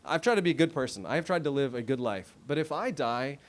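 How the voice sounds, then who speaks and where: Audience laughter accompanies a U.S. man in his thirties doing a stand-up set on a comedy club stage. He speaks fast in an animated, mid-range voice, and his delivery is wry, conversational and self-deprecating.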